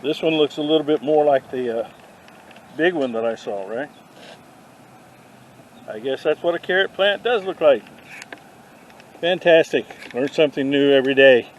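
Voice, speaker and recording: A man vlogging a walk through an outdoor garden, dropping deadpan puns as he goes. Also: on the high side, moderate pace, pauses often, lo-fi sound. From not from the South. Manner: deadpan punning asides. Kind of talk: joking walk-through commentary. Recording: faint outdoor noise.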